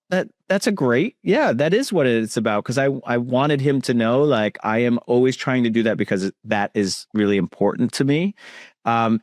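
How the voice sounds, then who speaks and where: A man's voice: lowish voice, dry recording. Hesitant male podcast host, dry sound. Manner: hesitant, many fillers and restarts. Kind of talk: casual conversational interview.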